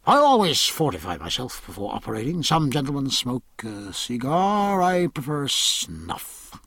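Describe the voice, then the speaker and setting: A man's voice: mid-range voice, huge pitch swings, measured pace, fairly bright tone, slightly rough, no room sound, clean studio sound, heavily acted. Man voicing a chatty lecturing ship's surgeon. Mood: genial. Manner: genial, lecturing, fond of snuff. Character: chatty middle-aged male ship's surgeon.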